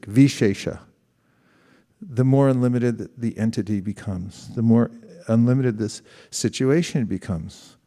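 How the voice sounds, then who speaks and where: A man's voice: on the low side, warm tone. A middle-aged man giving a conversational sermon, asking the audience questions and acting out quoted exchanges. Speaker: spiritual teacher.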